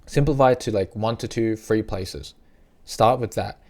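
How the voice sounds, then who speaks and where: A man casually giving travel advice to the camera, chatty and repetitive, now and then acting out little scenes in a higher voice. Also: normal speed, a little mellow. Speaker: travel vlogger.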